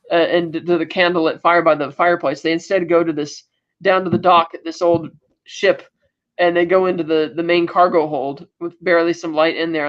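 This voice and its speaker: A man with a notably high speaking voice recaps a film for a casual podcast. He tells it with animated energy, stumbling and restarting as he goes. The recording sounds dull and lo-fi. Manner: animated retelling with frequent restarts and fillers. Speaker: podcast co-host.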